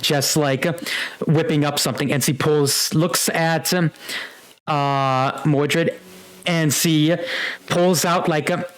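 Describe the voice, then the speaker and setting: A man's voice: on the high side, steady tone, takes it slowly, low-quality recording. A young man narrating as game master of a tabletop game, rambling with many fillers.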